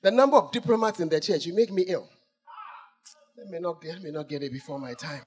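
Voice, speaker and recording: A male pastor preaching a sermon, swinging between shouts and hushed asides as he teases the congregation. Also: fairly high pitch, fast talker, breathy edge.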